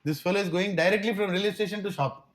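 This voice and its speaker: A man's voice: high voice, fast, voice pushed up, lightly acted. A man playing an Indian temple priest. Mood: exasperated. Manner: exclaiming, mixing Hindi and English.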